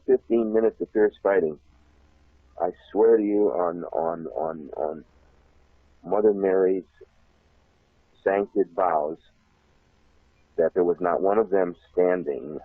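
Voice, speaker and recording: Male interview guest, low husky voice, animated rambling storyteller, phone-line audio. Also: no echo. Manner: laughs often, repeats himself, animated. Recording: tinny phone line, dry.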